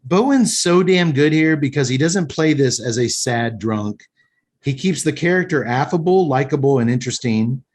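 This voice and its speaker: A man in an average pitch talks eagerly through a movie on a casual podcast. He retells the scenes and mixes in his own opinions as he goes. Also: expressive, normal speed. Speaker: podcast host. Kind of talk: casual film recap and review chat.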